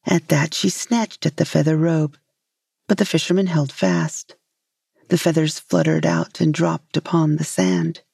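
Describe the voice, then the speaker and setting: Woman storyteller, slow measured reading, low gravelly voice, dry close sound. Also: steady tone, dry recording. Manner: measured, gentle.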